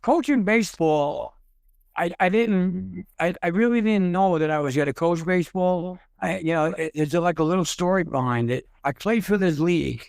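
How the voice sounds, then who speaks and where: A man's voice: sits high, normal speed, gravelly, clean tone, dry recording, clean studio sound. A man, a guest coach, telling stories in a casual interview, repeating and stumbling over words as he talks. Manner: storytelling with repeated words and stammers.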